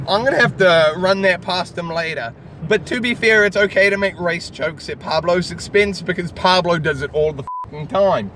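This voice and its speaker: A man's voice: sits high, moderate pace. A tipsy man vlogging in a car, rambling and joking crudely with a friend. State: tipsy from drinking. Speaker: vlogger host. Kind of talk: rambling casual banter. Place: in a car in city traffic. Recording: loud street traffic noise.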